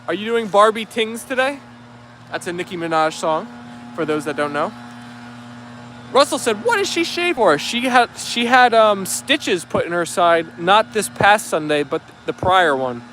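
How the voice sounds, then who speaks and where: A man's voice: high-pitched, expressive, measured pace, a bit bright, a little hiss or hum. A man hosting a dog livestream outdoors, reading viewer comments aloud in an upbeat, easygoing way. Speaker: livestream host. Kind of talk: live chat reading.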